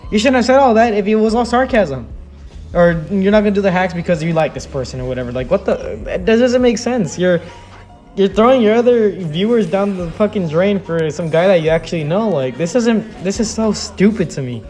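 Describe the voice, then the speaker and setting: A man's voice: sits high, animated, fairly quick, a little mellow, faint music behind. A man giving an exasperated ranting commentary on viewer comments, swearing often and restarting his sentences. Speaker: YouTube commentator.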